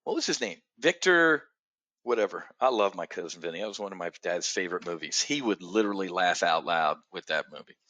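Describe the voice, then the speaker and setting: Blunt, bright-voiced middle-aged man. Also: deep voice, animated, fairly quick. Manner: blunt, profane and emphatic; addresses viewers directly by name. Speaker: trading show host. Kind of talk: live market commentary.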